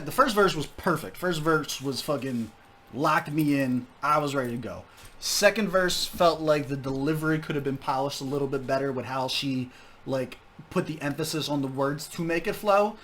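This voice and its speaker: A man's voice: a little high, a bit bright, a little hiss or hum. A young man hosting a casual music review, candid, profane and enthusiastic. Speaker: music reaction host. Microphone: desk microphone.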